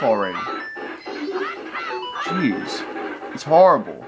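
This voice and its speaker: A man's voice: mid-range voice, expressive, moderate pace. A man giving gameplay commentary, ranting in frustration and swearing often. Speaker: let's play host. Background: video game music.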